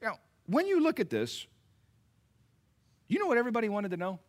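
A man preaching a sermon, retelling scripture dramatically, swinging from hushed lines to loud, animated asides. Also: high-pitched, a little fast. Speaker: pastor.

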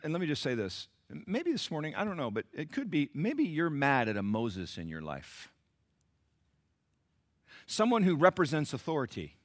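A middle-aged man preaching with a bright, forward tone and a pitch that leaps all over. He shifts from quiet, low asides to loud, high-pitched outbursts, acting out the people in the story. A dramatic pulpit delivery. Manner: acts out the voices of the people in the text. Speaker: pastor. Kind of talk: sermon.

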